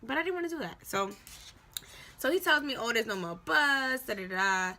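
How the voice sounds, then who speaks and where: A young woman with a New York accent telling a storytime vlog, lively and swearing as she acts out what people said. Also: a little high, normal speed. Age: young adult. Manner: animated, swearing, acting out quoted voices. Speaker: vlogger. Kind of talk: casual storytime.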